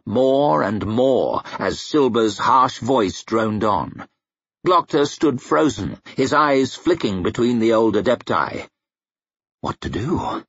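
A man reading an audiobook in a dramatic, expressive, measured way. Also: lowish voice, slightly rough, no echo, highs cut off. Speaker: audiobook reader.

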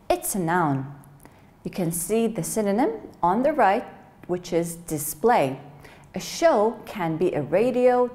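A woman teacher giving a slow, clear English vocabulary lesson for children. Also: lowish voice. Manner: slow, clear, lively classroom delivery.

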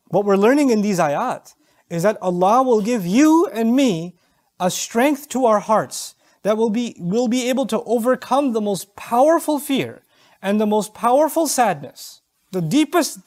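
A man preaching a sermon, telling a story with feeling, acting out the voices of its people and reciting verses in Arabic. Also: sits high.

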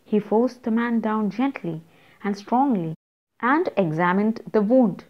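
A woman teacher with an Indian English accent, reading a story aloud slowly and stopping to explain words and tell students what to underline. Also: mid-range voice, dull audio.

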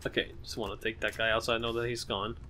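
A gamer giving casual gameplay commentary on a blind playthrough, excitable, swearing often and talking back at enemies. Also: medium pitch, fast talker, noisy background. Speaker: gamer playing a shooter.

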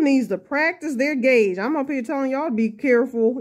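A woman's voice: sits high, moderate pace, hardly any pauses. A woman hosting a casual crochet tutorial, chatty and laughing at herself as she works.

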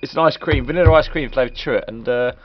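A man's voice: mid-range voice, fast talker. A man giving a crude, rambling, joking commentary while reviewing a video game. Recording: dull lo-fi recording.

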